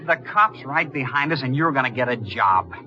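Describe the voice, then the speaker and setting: A man's voice: medium pitch, expressive, moderate pace, pushed and bright, slight background noise. An actor playing a desperate young male robber in a 1950s radio drama, hard and bullying. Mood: agitated. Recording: dull old radio broadcast.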